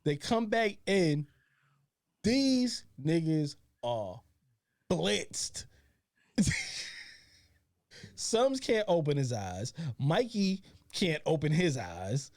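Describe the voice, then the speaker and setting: A man's voice: on the high side, sing-song, drawn-out words, long pauses, a little mellow, no room sound, clean studio sound. A man co-hosting a casual podcast, telling stories with lots of swearing and imitating his friends' voices. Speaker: podcast co-host. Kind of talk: casual chat, storytelling.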